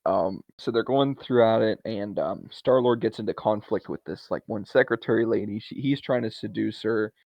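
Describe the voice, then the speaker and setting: A man co-hosting a podcast, casually recapping a movie scene by scene with quick asides. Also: on the low side, gravelly, no echo. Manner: animated retelling, laughs often, quick asides. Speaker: podcast co-host. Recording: dry, dull lo-fi sound.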